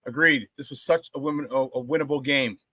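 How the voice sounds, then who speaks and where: A man's voice: mid-range voice, fairly even intonation, fairly quick, sharp tone, no echo. A man hosting a casual sports talk show, brash and profane, trash-talking rivals and laughing often between remarks.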